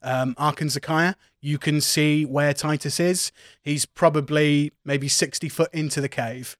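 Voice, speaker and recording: A man's voice: fairly high pitch, steady tone, a little slow, dry recording, clean studio sound. A man running a tabletop game as game master, chatty and often laughing. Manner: giggly, loose and chatty.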